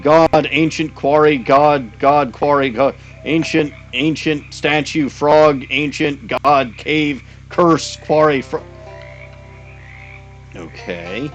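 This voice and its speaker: A man voicing a chorus of rude, cursed frogs that chant in blunt, croaky one-word bursts. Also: on the high side, slow, faint music behind. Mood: jumbled.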